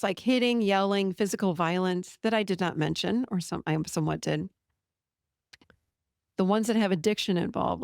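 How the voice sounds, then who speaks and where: Middle-aged female therapist-host, gravelly texture, dry close sound, direct and animated delivery. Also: medium pitch, dry recording. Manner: direct, animated storytelling, acts out client quotes. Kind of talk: casual podcast monologue.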